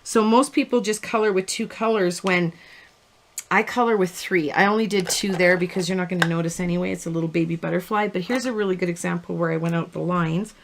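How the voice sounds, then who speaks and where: A woman's voice: on the low side, steady tone, fairly quick, creaky, slight background noise. A middle-aged woman hosting a live card-making tutorial, chatty and rambling, laughing at her own stories as she works. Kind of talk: live-stream crafting tutorial.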